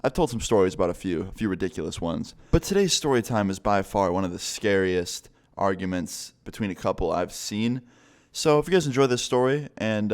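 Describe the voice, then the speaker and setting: Male vlogger, lowish voice, loose rambling storyteller who swears a lot. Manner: casual, rambling, swears often. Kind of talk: story time vlog.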